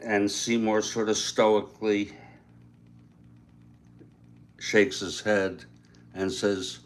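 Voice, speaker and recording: A man casually retelling a story aloud, unhurried, with frequent fillers and asides. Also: fairly low pitch, flat delivery.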